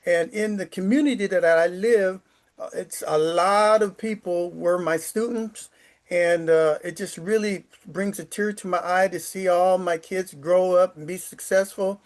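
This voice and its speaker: A man's voice: sits high, steady tone, a little slow. A man in his sixties, a retired sixth grade teacher, telling stories from home in a rambling, emotional way with stammers and restarts. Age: 60s. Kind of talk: casual storytelling to camera. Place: his apartment.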